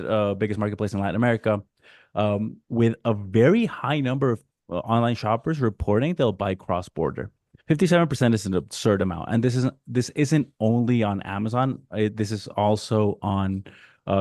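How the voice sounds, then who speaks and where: A man from Mexico giving a casual, animated webinar presentation over a video call, slipping into quick voices for customers. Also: on the low side, no room sound, studio quality. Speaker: guest speaker.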